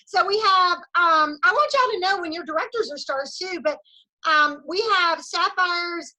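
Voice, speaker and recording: Over a video call, a woman with a very high, sharp voice leads a sales team meeting at normal speed, delivering an enthusiastic pep talk packed with cheering, recognition and Southern "y'all"s. The recording is rough.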